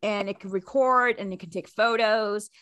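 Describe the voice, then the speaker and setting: A young woman co-hosting a fan podcast, telling animated stories in casual chat and laughing often. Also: mid-range voice, normal speed, no room sound, studio quality. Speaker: podcast co-host.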